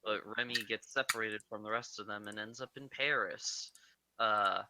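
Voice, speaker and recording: A man's voice: on the low side, fairly even intonation, normal speed, sharp tone, no echo. A young man casually recapping a movie plot, rambling with fillers, swearing and acting out lines.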